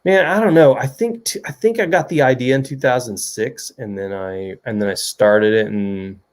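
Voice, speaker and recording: A man's voice: medium pitch, normal speed. A middle-aged man, an author hosting a livestream, chatting loosely and jokingly with viewers and reading their comments. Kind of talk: casual chat.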